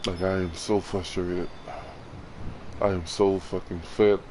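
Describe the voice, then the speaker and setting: A man records an emotional confessional vlog, plainly frustrated and upset. His low voice halts and circles back over the same words, with swearing mixed in. A faint hum of ambience sits behind him. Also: little pitch movement, mellow. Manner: halting, repeats words, swears. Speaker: vlogger.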